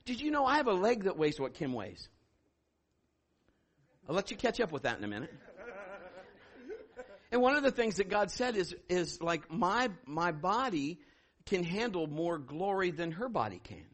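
A male pastor preaching a sermon, telling a story in an animated way and acting out what people said. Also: sits high, moderate pace, pauses often. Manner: animated, laughing, acting out quotes.

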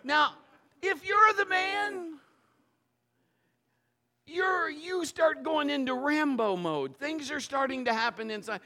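Male pastor, high bright voice, dramatic storyteller who drops to a hush then shouts. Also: slow, pauses often. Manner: acts out stories, swings from hushed to shouting. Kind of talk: sermon with personal storytelling.

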